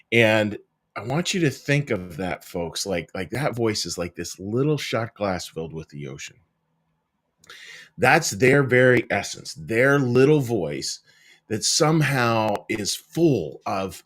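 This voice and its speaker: A middle-aged man, a minister, gives a gentle daily devotional reflection to camera from a small cabin room. He talks conversationally, often restarting and searching for words, and addresses his listeners as folks. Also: lowish voice.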